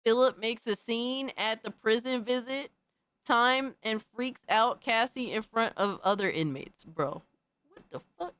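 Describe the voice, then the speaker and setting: A woman's voice: a little high, unhurried, a bit bright, smooth, no room sound. A woman hosting a casual live stream, reacting to viewer videos with mock outrage, frequent swearing and slangy asides. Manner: mock outrage, swears, calls everyone bro. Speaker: streamer host.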